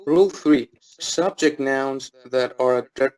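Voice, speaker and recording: Male student reader, plain middle voice, steady classroom reading with occasional restarts. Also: mid-range voice, takes it slowly, poor audio. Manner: reads steadily with small restarts on words.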